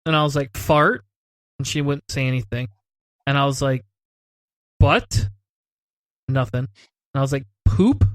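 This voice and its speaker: A man's voice: medium pitch, level tone, brisk, clear, resonant tone, dry recording. A man co-hosting a podcast, telling stories in casual chat, laughing often and swearing casually. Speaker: podcast co-host.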